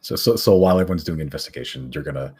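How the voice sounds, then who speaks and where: Very deep, husky game master man. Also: a little mellow. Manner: halting, repeats words often. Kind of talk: narrating a tabletop game.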